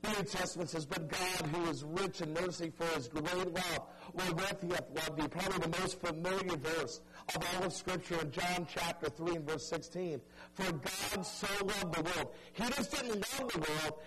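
A man preaching a sermon, telling a story dramatically and pleading earnestly with his listeners, dropping soft and stretching key words for emphasis. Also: high voice, poor audio. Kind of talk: evangelistic sermon.

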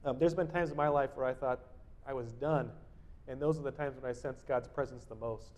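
A man giving a devotional sermon. He reads Bible verses with force and then explains them in a quiet, conversational way, often adding tag questions and restarting his sentences. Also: medium pitch, steady tone, brisk. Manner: reads verses loudly, then drops to quiet personal asides. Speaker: preacher. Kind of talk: devotional sermon with scripture reading.

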